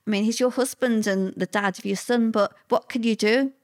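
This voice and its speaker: A woman's voice: on the high side, steady tone, normal speed. A woman, answering interview questions with plain-spoken, vivid personal recollection.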